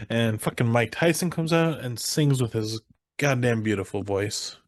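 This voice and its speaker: A man's voice: medium pitch, normal speed, no room sound. A young man casually recapping a comedy film on a podcast, quoting the characters and laughing as he goes. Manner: animated retelling, quoting characters, swearing, laughing. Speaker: podcast co-host. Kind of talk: casual movie recap chat.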